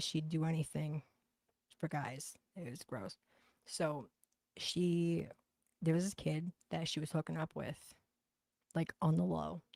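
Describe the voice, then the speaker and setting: A woman's voice: low-pitched, gravelly, mellow, no echo. A woman with a thick Boston accent chatting bluntly and profanely on a livestream, reading out comments. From Boston, USA. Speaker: livestream host.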